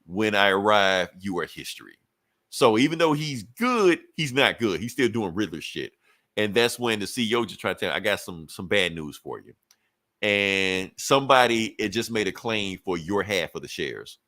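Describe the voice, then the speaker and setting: Podcast host, man, lowish voice, rambling, cussing, dry close mic. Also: lively intonation, bright, forceful tone, no echo. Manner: profane, rambling retelling with quick voiced asides. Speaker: podcast co-host recapping a comic. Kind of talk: casual comic book recap chat.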